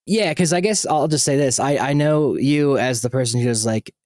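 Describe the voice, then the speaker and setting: A man hosts a podcast in a loose, rambling way, full of fillers and restarts. His voice sits at a middle pitch for a man. The recording is dry and close. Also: moderate pace, a little mellow, no room sound. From United States. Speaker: podcast host. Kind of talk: casual chat.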